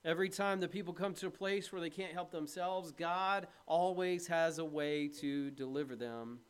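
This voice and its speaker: High-voiced man preaching a sermon. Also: moderate pace, clear, resonant tone. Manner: earnest, plain-spoken preaching with questions to the congregation. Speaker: pastor. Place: church.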